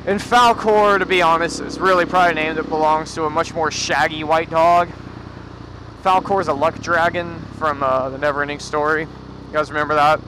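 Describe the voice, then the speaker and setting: Profane high-voiced man on a motorcycle. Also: steady tone, moderate pace. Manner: profane, rambling storyteller. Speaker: motorcycle vlogger. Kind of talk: rambling anecdotal chat. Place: outdoors, riding a motorcycle. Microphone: helmet bluetooth headset. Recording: loud wind and traffic noise. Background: road and engine noise.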